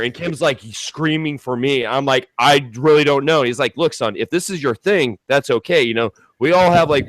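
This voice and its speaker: A man's voice: mid-range voice, dry recording. Young guy rambling through a story, lots of swearing and likes, dry close sound. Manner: rambling, profane, animated retelling with many fillers. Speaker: storyteller guest. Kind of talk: casual storytelling chat.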